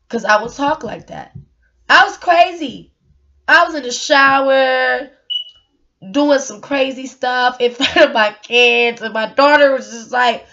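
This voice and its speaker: A woman talks straight to her audience in a personal vlog, earnest and emotional, circling back on her own words. Her voice sits a little high, and the home recording sounds dull and lo-fi. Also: takes it slowly, pushed and bright. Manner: emotional, earnest, repeats words, rhetorical questions. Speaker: single mother sharing her story.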